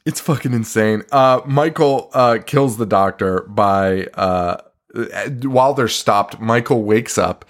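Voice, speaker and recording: A man's voice: medium pitch, slow pace. Laughing, swearing man recapping a movie. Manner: profane, laughing, animated retelling. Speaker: podcast co-host. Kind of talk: casual movie review chat.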